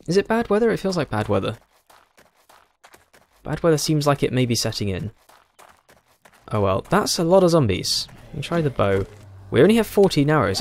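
While playing a game, a young gaming YouTuber from Britain talks in a mid-range, gravelly voice. He speaks with a British English accent, keeping his commentary casual, chatty and self-mocking.

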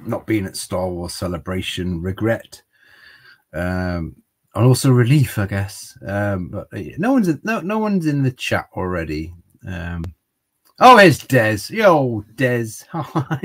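A man with a lowish, slightly bright voice hosts a casual livestream. A little tipsy from wine, he rambles and chats with his viewers, calling them by name.

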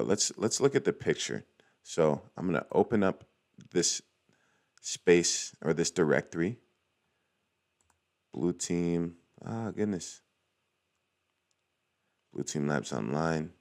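A man's voice: deep voice, animated, slow pace, creaky, pauses often. A young man hosting a casual screen-recorded walkthrough, chatty and cheering small wins as he goes. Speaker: cybersecurity tutorial host.

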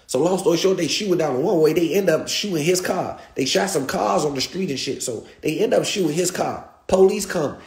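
A young man, a guest telling a story in animated, slangy style and repeating himself. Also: on the high side, roomy sound. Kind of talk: street storytelling.

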